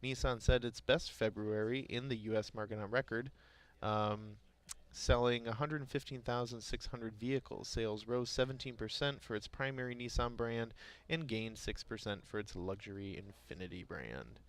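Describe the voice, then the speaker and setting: A man's voice: mid-range voice, moderate pace. A man co-hosting a morning market show, chatting and then reading news headlines with occasional stumbles and self-corrections. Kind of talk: casual chat and news reading.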